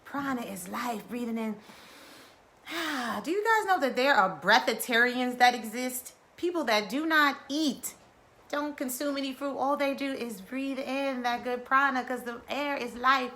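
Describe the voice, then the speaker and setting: A middle-aged woman hosting a wellness video, leading guided breathing and chatting in a lively, playful way. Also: high voice, unhurried. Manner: lively, playful, drawls and chuckles. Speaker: wellness vlogger. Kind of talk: guided breathing and casual chat.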